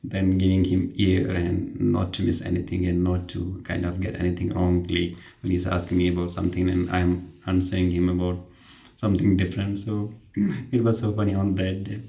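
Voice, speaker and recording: Man, low gravelly voice, casual self-deprecating storyteller, roomy echo. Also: completely flat delivery, normal speed, warm tone, muffled recording. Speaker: healthcare worker.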